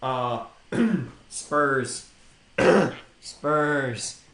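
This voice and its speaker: A man's voice: medium pitch, expressive, very slow, fairly bright tone. A young man co-hosts a casual sports podcast. He gives his opinions and speaks directly to the players he discusses. His voice carries a roomy echo. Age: young adult. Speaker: podcast co-host.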